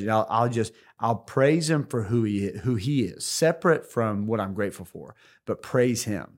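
Low-ish guy co-hosting a church podcast, lots of restarts and uh's, jokey. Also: animated. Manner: halting, many restarts and fillers. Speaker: podcast co-host. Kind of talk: casual faith podcast chat.

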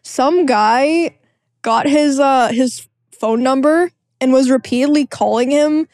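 A woman's voice: high-pitched, slow, a little mellow, no room sound. A woman in her twenties co-hosting a podcast, chatting loosely and casually. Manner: loose, chatty, with restarts and fillers. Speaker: podcast co-host. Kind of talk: casual chat.

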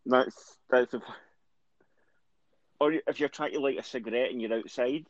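A man's voice: medium pitch, normal speed, dry recording. A man with a Dundee Scottish accent co-hosting a podcast, easygoing and jokey, swearing now and then. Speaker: podcast co-host. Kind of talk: casual chat. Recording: dull lo-fi sound.

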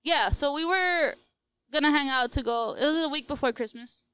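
A woman's voice: sits high, normal speed, sharp tone, rough recording. A young woman in her twenties on a casual podcast, telling a breakup story with lots of quoted back-and-forth and "like". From Latina, US.

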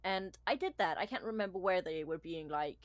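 A woman's voice: fairly low pitch, a little fast, no room sound. Young woman moderator rambling about chat stories, lots of likes, dry mic. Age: young adult. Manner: chatty, animated storytelling with many fillers. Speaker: Twitch moderator. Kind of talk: casual podcast chat.

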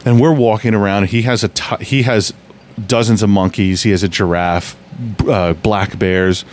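A man's voice: fairly low pitch, fairly even intonation, moderate pace, slight background noise. A man telling stories in a casual podcast chat, rambling and restarting often.

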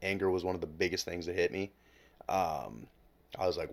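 Late-20s man, very deep voice, podcast guest; candid, profane, emotional storytelling that dips to near whispers. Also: moderate pace. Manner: emotional, heavy swearing, drops to near whisper at low points.

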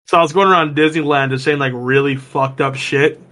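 A man with a notably high speaking voice, chatting on a podcast. He tells long, looping stories, cursing freely and laughing along the way. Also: fairly even intonation, a little fast, pushed and bright. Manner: rambling storyteller, swears freely. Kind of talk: casual chat.

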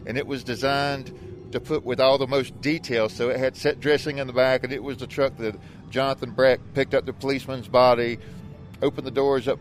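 Guest: man in a full-head costume, words muffled through a mask, mid-pitched, chatting outdoors. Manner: muffled, as if talking with something in his mouth. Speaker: guest, movie vehicle owner. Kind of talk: casual outdoor interview. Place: outdoors at a haunted attraction.

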